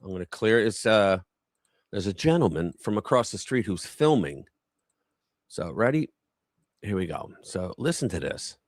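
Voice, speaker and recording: A man's voice: fairly low pitch, big pitch swings, normal speed, pauses often, no room sound, clean studio sound. A man hosting a live news commentary stream, talking in a blunt, heated, profane way.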